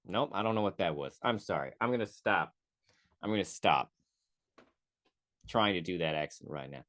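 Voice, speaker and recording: A man hosting a podcast, casually reviewing a movie on his own, rambling and correcting himself, with profane asides and quick mock voices. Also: deep voice, lively intonation, fairly bright tone. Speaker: podcast host.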